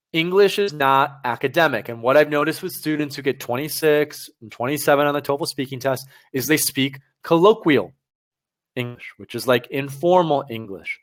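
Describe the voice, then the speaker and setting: A man teaching test preparation on a live stream, talking straight to viewers in an energetic, direct way. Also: medium pitch, normal speed.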